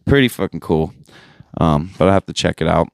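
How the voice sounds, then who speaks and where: A man hosts a podcast in a slangy, loose and profane chat, talking straight into a podcast microphone. His voice sits fairly low and comes through smooth and clean. The sound is close and dry. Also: brisk, no echo. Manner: laid-back and profane, full of slang and fillers. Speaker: podcast host. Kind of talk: casual chat.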